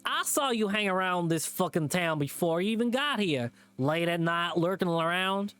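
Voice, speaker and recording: A man voicing a menacing male hillbilly animal thug while reading a visual novel aloud, in a slow, drawling, threatening way. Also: sits high, lively intonation, sharp tone, smooth, pitched above the performer's own voice. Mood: angry.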